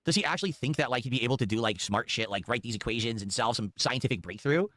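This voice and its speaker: A man's voice: medium pitch, expressive, quick pace, a bit bright, no room sound, clean studio sound. A man streaming, reacting to video clips with incredulous, sarcastic commentary and plenty of swearing.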